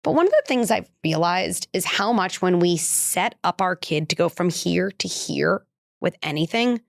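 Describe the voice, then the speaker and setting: A woman's voice: lively intonation, moderate pace, creaky, dry recording, clean studio sound. A woman hosting a parenting podcast, telling a personal story in a candid, conversational way and acting out quoted lines. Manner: candid and conversational, many "like" fillers; acts out quoted dialogue with lifted pitch. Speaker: parenting psychologist and podcast host.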